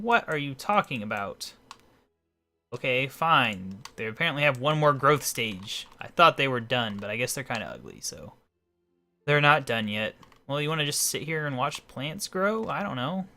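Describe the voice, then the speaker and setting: A man's voice: mid-range voice, very animated, normal speed, sharp tone. A man giving rambling, casual commentary while playing a video game. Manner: rambling, talks to himself. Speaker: video game let's player.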